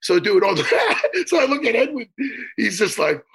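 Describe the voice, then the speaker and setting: Raspy, animated man telling a rambling story. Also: high-pitched, moderate pace. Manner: rambling, profane, stammering restarts; animated, laughing bursts. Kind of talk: casual comedic storytelling chat.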